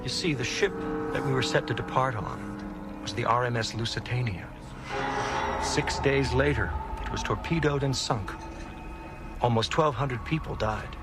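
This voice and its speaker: Male actor: measured, earnest TV-drama passenger, loud score underneath. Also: medium pitch, close to an everyday voice. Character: male ship passenger telling his survival. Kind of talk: TV drama acting. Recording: TV clip with loud music.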